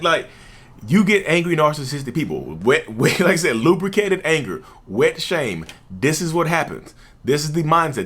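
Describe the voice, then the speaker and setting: A man hosting his own channel, talking straight to the camera in a casual, emphatic way. He repeats his points over and over and chuckles now and then. His pitch swings lively through his sentences. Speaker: channel host, self-described narcissist. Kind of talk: casual talking-head commentary.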